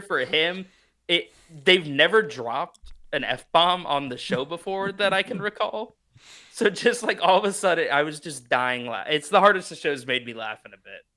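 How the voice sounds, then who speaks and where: Bright-voiced man rambling on tangents. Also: fairly high pitch, normal speed. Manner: rambling, filler-heavy storytelling. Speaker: podcast co-host. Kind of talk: casual roundtable chat.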